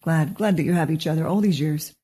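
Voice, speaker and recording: A middle-aged woman with a husky, mellow, lowish voice co-hosts a relaxed podcast about marriage. Her delivery is gentle and reflective. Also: a little fast. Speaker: co-host, marriage therapist. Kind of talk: casual podcast conversation.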